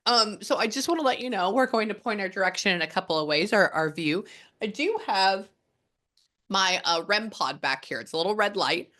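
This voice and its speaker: A woman psychic talking a client through a spirit reading in a loose, rambling way, dropping swear words. Her voice is bright and forceful. She keeps the talk casual and chatty throughout. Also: mid-range voice, animated, fairly quick. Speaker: psychic medium.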